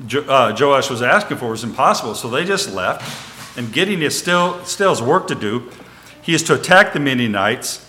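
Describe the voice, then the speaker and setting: A man's voice: mid-range voice, pushed and bright. A man giving an informal Bible teaching, reading scripture and retelling it in everyday words, with frequent fillers and restarts. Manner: reads scripture aloud, then retells it in plain everyday words.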